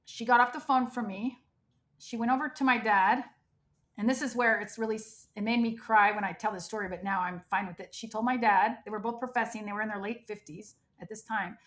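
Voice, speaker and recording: Animated woman telling her story. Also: a little high, a little fast. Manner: animated, emphatic, frequent "like" and quoted dialogue. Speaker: guest. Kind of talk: personal storytelling in interview.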